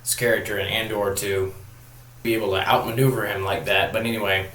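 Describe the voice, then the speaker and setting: A man's voice: on the low side, little pitch movement, fairly quick, a bit bright. A man giving a casual, rambling spoken review of a TV show, filling his talk with "like" and "you know". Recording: roomy echo.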